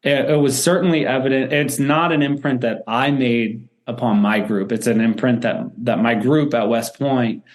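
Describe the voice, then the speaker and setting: A man's voice: mid-range voice, fairly even intonation, moderate pace, hardly any pauses. Earnest man searching for words. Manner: earnest, searching, many restarts and "right?". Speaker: guest, former football coach. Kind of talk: reflective podcast interview answers.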